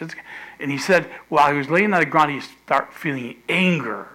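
A middle-aged male pastor preaching a sermon, animated, repeating phrases and loudly acting out the quotes he tells. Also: fairly high pitch, normal speed, poor audio.

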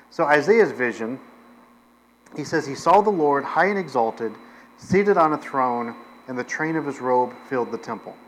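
A man's voice: medium pitch, animated, measured pace, slight background noise, rough recording. A man preaching a sermon as pastor, in a conversational way with frequent fillers, restarts and self-deprecating asides.

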